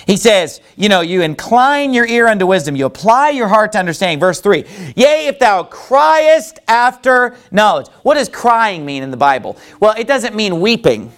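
Lively high-voiced man preaching. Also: moderate pace, hardly any pauses. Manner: animated, asks many rhetorical questions; reads scripture in old-fashioned wording. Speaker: pastor. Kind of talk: sermon.

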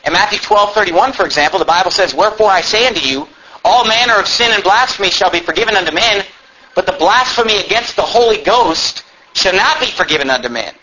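A man's voice: high voice, animated, fast talker, bright, forceful tone, husky. A man preaching a sermon from the pulpit, folksy and emphatic, asking the listeners questions. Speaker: pastor. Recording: slightly dull recording with faint ambience.

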